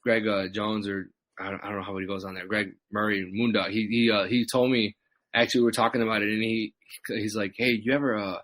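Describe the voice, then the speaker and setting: A man's voice: lowish voice, level tone, fast, a bit bright, no echo. Pro wrestler guest, man from the Chicago area, easygoing storyteller, dry close sound. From Chicago area, USA. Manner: laid-back storytelling, acts out voices of fans. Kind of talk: casual podcast chat.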